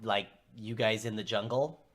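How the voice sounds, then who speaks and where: A man's voice: on the low side, fairly even intonation, moderate pace. A man narrating as game master of a tabletop game, talking with many fillers and restarts.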